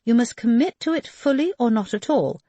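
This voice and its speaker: A woman's voice: fairly high pitch, big pitch swings, warm tone, no echo, highs cut off, pitched above the performer's own voice. A woman voicing a poised, capable young woman. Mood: polite. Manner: polite, brisk.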